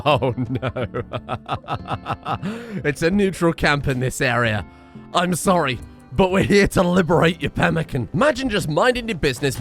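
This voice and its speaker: A man giving casual gameplay commentary, excitable and often laughing, talking to the characters on screen. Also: on the high side. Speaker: gaming video creator.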